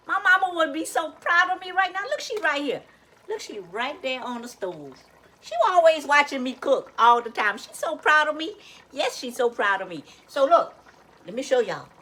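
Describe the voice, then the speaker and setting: A woman's voice: high voice, animated, normal speed, pushed and bright, low-quality recording. A woman with a Louisiana Cajun accent hosting a casual home cooking vlog, chatty and folksy, always telling viewers to look. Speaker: cooking channel host. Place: home kitchen.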